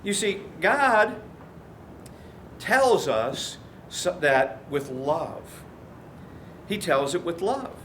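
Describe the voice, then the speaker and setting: A man's voice: high-pitched, big pitch swings, extremely slow, pauses often, fairly bright tone, a little hiss or hum. A man preaching a sermon as a pastor, telling stories and acting out the quoted voices. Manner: storytelling, acts out quoted voices.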